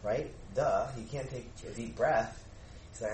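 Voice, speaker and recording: A man's voice: medium pitch, a little slow, a little hiss or hum. A male pastor tells a personal story to his congregation in a loose, chatty manner, with many fillers and little acted-out quotes. His voice carries through a roomy, echoing hall and is picked up from a distance, with a faint murmur of room sound behind it. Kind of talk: sermon storytelling. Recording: roomy echo, mic at a distance.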